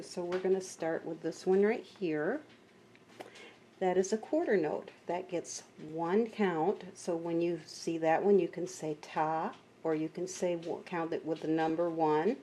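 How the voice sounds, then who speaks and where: A woman's voice: lowish voice, dark tone, slight background noise. A woman teaching a beginner piano lesson, patiently explaining note values and chanting counts aloud.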